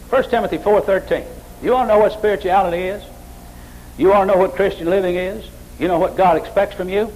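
A man preaching a sermon with emphatic, repetitive phrasing, climbing higher and louder as he mocks emotional worship. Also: a little hiss or hum, rough recording. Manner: emphatic, repetitive, rises high when mocking emotional worship.

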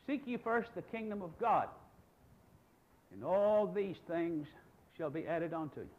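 A man's voice: high-pitched, expressive, a little slow, long pauses, narrow, tinny audio. A man in his sixties, a pastor preaching a sermon, emphatic and full of rhetorical questions. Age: 60s.

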